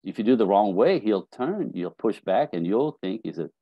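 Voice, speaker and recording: A middle-aged man, a dating coach, telling lively stories on a podcast and acting out bits of dialogue. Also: lowish voice, normal speed, no room sound, highs cut off. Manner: animated storytelling, acting out dialogue. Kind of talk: casual podcast conversation.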